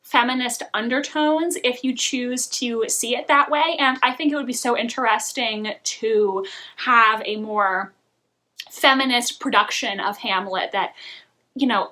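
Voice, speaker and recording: A young woman talks through her recent TV watching in a relaxed vlog, chatty and opinionated. Her voice sits high and bright, and she often laughs mid-sentence. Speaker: book and TV vlogger. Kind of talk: casual review chat.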